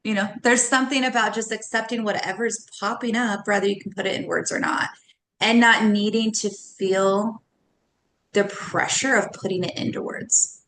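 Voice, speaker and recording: A woman's voice: mid-range voice, steady tone, moderate pace, fairly bright tone, a little hiss or hum. A woman in her thirties, a guest on a podcast, talking casually and animatedly and laughing often between thoughts. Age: 30s. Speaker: podcast guest, somatic coach. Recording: roomy echo with faint ambience.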